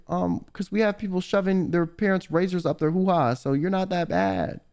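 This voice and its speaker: A man's voice: high-pitched, expressive, normal speed, few pauses, a little mellow, smooth. A young man streaming, reading viewer confessions aloud and reacting with profane, exasperated commentary. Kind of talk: casual livestream commentary.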